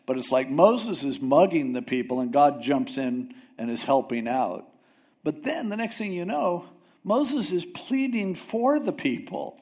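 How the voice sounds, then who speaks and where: A man preaching a sermon, retelling a Bible story in a casual, animated way with jokes and acted-out voices. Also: mid-range voice. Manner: animated storytelling, acts out characters with jokey asides. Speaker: pastor.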